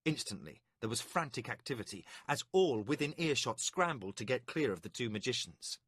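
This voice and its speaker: A man narrating an epic fantasy audiobook with a dramatic, expressive delivery. His pitch rises and falls in lively sweeps, and the tone is bright. The recording is close and dry. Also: brisk, slightly rough, no echo. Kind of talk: scripted narration.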